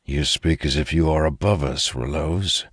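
A man's voice: rumbling low, normal speed, fairly bright tone, breathy edge, no echo, studio quality, full character voice. A man reading an audiobook, voicing a stern male ranger speaking firmly.

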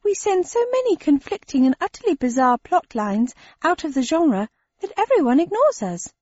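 A misshapen shape-changing creature, played by a woman in an audiobook, whining in a high, thin, plaintive voice. Its complaints come out fretful and pleading. The recording is dry and a little muffled. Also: big pitch swings, normal speed, a little mellow, no echo.

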